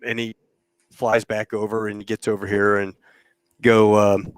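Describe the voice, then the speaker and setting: A middle-aged man hosting a casual chat, telling an old flying story in an animated way and acting out the voices of the people in it. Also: fairly low pitch, unhurried, clean tone, no room sound. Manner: animated storyteller who acts out quoted voices. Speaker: podcast host, former KC-130 pilot.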